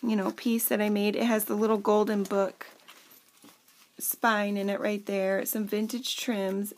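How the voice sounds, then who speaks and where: A woman in her thirties talks through a handmade journal at home, chatty and full of little fillers. Her voice sits a touch high with a gravelly fry running through it. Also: darkish tone. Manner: chatty, lots of fillers, talks to kids off camera. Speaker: crafter showing a handmade journal. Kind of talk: casual show-and-tell.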